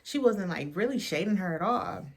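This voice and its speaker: A woman's voice: medium pitch, lively intonation, moderate pace, breathy edge. Blunt slangy woman recapping reality tv. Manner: blunt, slangy, swears freely, mimics cast members. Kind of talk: casual recap vlog.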